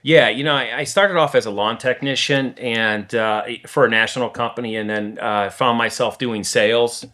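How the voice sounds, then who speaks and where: A man who owns a lawn care company, talking as a podcast guest in a plain-spoken, steady way with frequent restarts. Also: mid-range voice, normal speed, few pauses. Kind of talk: casual podcast conversation.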